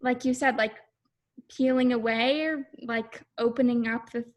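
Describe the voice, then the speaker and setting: Young woman singer chatting about her voice, pretty high pitched, lots of likes. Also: steady tone, a little slow. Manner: reflective, lots of "like" fillers. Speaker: voice student. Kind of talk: casual chat.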